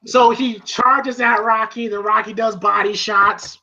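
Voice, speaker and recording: A man's voice: sits high, measured pace, gravelly. A man casually retelling a film scene on a podcast, laughing and swearing as he goes. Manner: animated, laughing, acts out lines in shouts. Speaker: podcast co-host reviewing a film. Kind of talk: casual profane chat. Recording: dull lo-fi sound.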